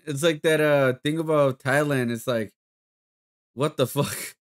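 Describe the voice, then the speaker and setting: A man's voice: on the high side, fairly even intonation, a little slow. A man streaming, reacting casually to videos with loose, profane commentary and laughter.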